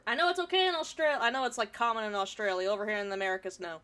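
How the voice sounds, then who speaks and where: Talking very fast in a medium-pitched, fairly bright voice, a woman streamer reads out a forum story and discusses it. She swears casually, and pollen has left her throat a bit irritated.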